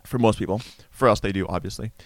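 A man's voice: fairly low pitch, fast talker, gravelly, no room sound. A man co-hosting a casual podcast chat with a dry, teasing manner and stammered repeats. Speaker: podcast co-host.

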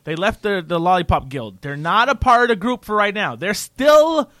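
A man in casual political chat, animated and ranting, often mocking other people's voices. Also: high-pitched, moderate pace, dry recording.

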